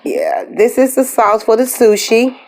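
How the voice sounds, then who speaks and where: A woman hosting an eating video, chatting casually to her viewers in an upbeat, drawn-out way. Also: fairly high pitch, fairly even intonation, darkish tone, slight background noise. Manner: upbeat, drawn-out phrases with a lot of "okay, guys". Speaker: mukbang host. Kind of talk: casual chat to camera.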